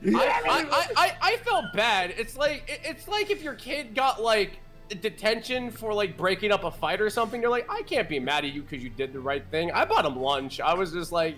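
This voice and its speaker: Thirtysomething guy going off on a funny story, cussing a lot, lively ups and downs, soft music in the back. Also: high-pitched, moderate pace. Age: 30s. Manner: animated storytelling with lots of swearing and laughter. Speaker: game master and streamer. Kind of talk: casual chat between players.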